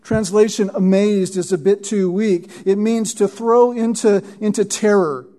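A man preaching an expository sermon, teaching verse by verse, often pausing to ask "Right?" and repeating words for emphasis. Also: sits high, fairly even intonation, dark tone. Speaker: pastor.

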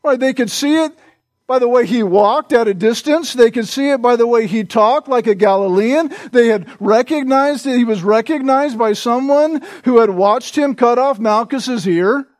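A man with a notably high voice delivers a Bible-teaching sermon. He talks conversationally and keeps tossing in a questioning "right?" to his listeners. The sound is close and dry, with no room echo. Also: normal speed. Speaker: preacher.

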